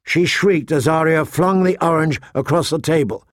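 A man narrating an audiobook in a measured, expressive storytelling manner. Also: on the high side, no room sound, clean studio sound. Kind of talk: audiobook reading.

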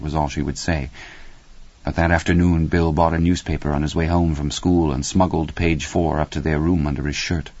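A man narrating a story in a steady, measured audiobook reading. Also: low-pitched, no echo, lo-fi sound.

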